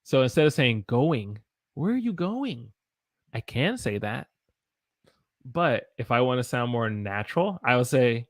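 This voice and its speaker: An American man in his thirties teaching English on a live stream, speaking slowly and repeating phrases for learners to copy. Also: medium pitch, very animated, fairly bright tone.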